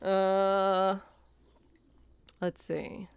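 A woman who streams and does voice acting talks casually to her livestream viewers from her room, laughing often and thanking them, though her voice is tired by day's end. Her medium-pitched voice is monotone, clear and resonant, with drawn-out words and no echo.

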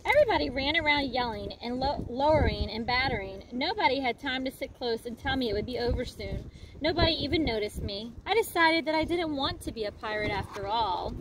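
A woman reading a picture book aloud in a lively, expressive storytelling manner, outdoors by a lakefront. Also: sits high, fairly quick, crowd noise. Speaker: storybook reader. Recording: noisy outdoor recording.

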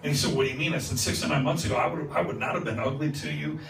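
A man's voice: on the high side, rapid-fire, vocal fry, fairly bright tone. Storytelling male preacher in echoey church. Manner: conversational, acts out dialogue with laughs. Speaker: guest preacher. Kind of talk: storytelling sermon. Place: church sanctuary. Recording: echoey church from far off with noise.

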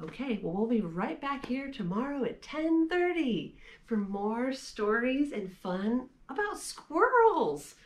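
A woman hosting a library storytime, reading picture books aloud to young children in an animated, sing-song way. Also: on the high side, takes it slowly.

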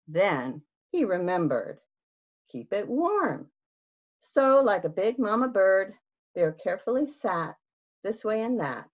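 A woman children's librarian reading a picture book aloud in an expressive, sing-song way. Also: medium pitch, slow. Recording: dull lo-fi recording.

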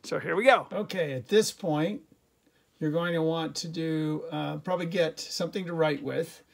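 A man's voice: on the high side, fairly even intonation, moderate pace, gravelly. A middle-aged male teacher giving a recorded class lesson, chatty and jokey, with lots of fillers and restarts.

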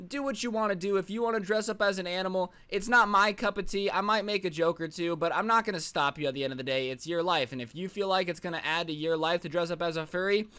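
Young man, storytime vlog, sarcastic, rambling, high voice, dry close mic. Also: a bit bright, clean tone, no room sound. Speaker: storytime vlogger. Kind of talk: casual storytime.

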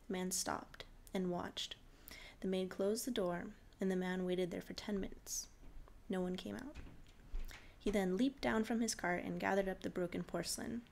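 A woman reading a short fairy tale aloud in a relaxed, informal way, laughing off her slips. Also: medium pitch, normal speed, gravelly, a little hiss or hum. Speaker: storyteller.

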